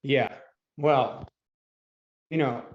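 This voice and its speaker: A man coaching traders on a live online call, chatty and often clearing his throat. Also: medium pitch, drawn-out words. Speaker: trading coach. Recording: dull lo-fi call audio.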